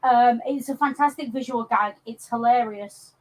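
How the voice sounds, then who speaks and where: A woman's voice: fairly high pitch, moderate pace, darkish tone, rough recording. A woman from England co-hosting a podcast, chatting casually about films with lots of ums and restarts. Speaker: podcast co-host. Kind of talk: casual film discussion.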